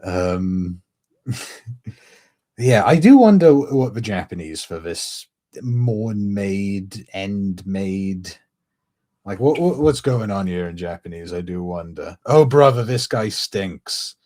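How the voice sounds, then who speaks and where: Brief: male streamer, slow and lively-pitched, rambling casual commentary. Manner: rambling, laughs often, muses aloud. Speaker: streamer reacting to a comic chapter.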